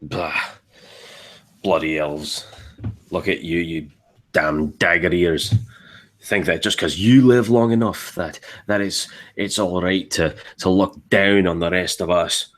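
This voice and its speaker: A man doing a gruff, proud dwarf with a Scottish accent, voiced very deep and low. He blusters and scoffs, full of warrior pride. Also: steady tone, slow. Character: gruff proud male dwarf warrior who resents elves.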